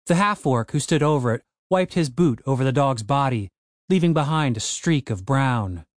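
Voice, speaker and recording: A man narrating a comic fantasy audiobook in a wry, lively storytelling manner. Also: mid-range voice, normal speed, no echo.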